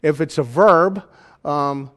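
A man's voice: fairly high pitch, slow pace, a bit bright. A man teaching a Bible study class in a casual, conversational way, often checking in with his listeners. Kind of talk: informal teaching, demonstrating software. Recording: hall reverb.

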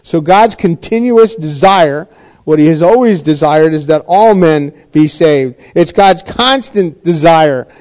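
A man's voice: on the high side, a little slow, a little mellow, highs cut off. A middle-aged man preaching a sermon in a conversational way, often asking the congregation questions. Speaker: pastor.

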